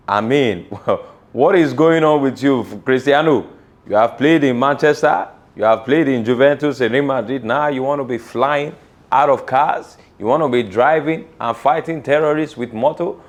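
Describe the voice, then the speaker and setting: A man with a Nigerian accent presenting a comedic sports news segment, animated and teasing, slipping into Yoruba phrases. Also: mid-range voice, unhurried.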